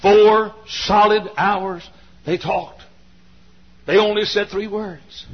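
A man preaching a sermon, repeating his phrases, swinging from shouts down to a low murmur, and often coughing and clearing his throat. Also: steady tone, slow. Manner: repetitive, builds to shouting, then drops to a low murmur. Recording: dull lo-fi recording with faint hiss.

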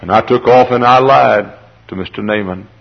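A man's voice: mid-range voice, normal speed, gravelly, breathy edge. A man preaching in the voice of a leprous servant and father who blames himself for his children's disease, speaking a remorseful first-person lament. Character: grieving leprous male servant, guilt-ridden father. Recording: dull lo-fi sermon recording.

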